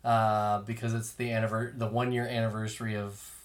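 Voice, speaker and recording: Casual profane podcast co-host. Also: male voice, lowish voice, flat delivery. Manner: loose, profane, quick retelling of scenes.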